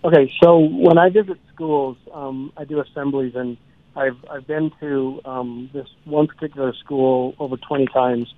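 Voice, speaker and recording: A man who writes children's books, telling a story from a school visit in a relaxed way, with many fillers. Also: medium pitch, moderate pace, dry recording. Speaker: children's author. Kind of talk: storytelling in a radio interview. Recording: dry tinny phone line.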